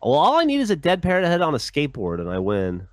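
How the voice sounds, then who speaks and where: A man's voice: fairly high pitch, huge pitch swings, quick pace, no room sound, clean studio sound. A man co-hosting a podcast, giving jokey, teasing running commentary in casual chat. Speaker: podcast co-host. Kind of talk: casual chat, commenting on a live video feed.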